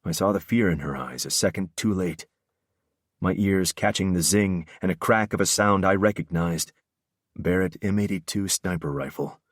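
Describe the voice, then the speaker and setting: A man's voice: low-pitched, moderate pace, no echo, clean studio sound. A man narrating a first-person audiobook with an intense, brooding delivery.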